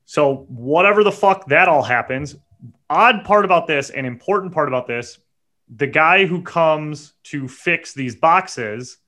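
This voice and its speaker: A man, co-hosting a podcast and telling a story in a casual, animated, profane way. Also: a little high, normal speed. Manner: animated, profane, builds to indignant outbursts. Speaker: podcast co-host.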